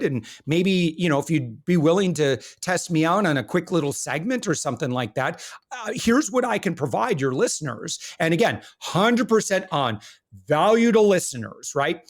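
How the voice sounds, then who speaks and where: A middle-aged man telling his business story as a podcast guest, candid and self-deprecating, with many fillers and restarts. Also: a little high. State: briefly choked up. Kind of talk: conversational interview storytelling.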